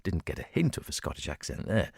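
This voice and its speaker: A man's voice: very deep voice, big pitch swings, fast talker, gravelly, darkish tone, slightly rough, no room sound. A man presenting a radio music show in a studio, chatty and digressive, chuckling as he goes. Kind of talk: casual music-show chat.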